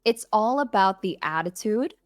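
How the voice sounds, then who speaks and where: A woman audio creator talking in a relaxed, easygoing way as a podcast guest, giving gentle advice. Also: mid-range voice, normal speed, no room sound, studio quality. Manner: thoughtful, gives gentle advice. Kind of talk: casual podcast chat.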